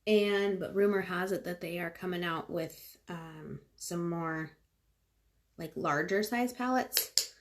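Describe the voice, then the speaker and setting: A woman from California chatting casually through a livestream while she does her makeup, rambling with lots of fillers. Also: mid-range voice.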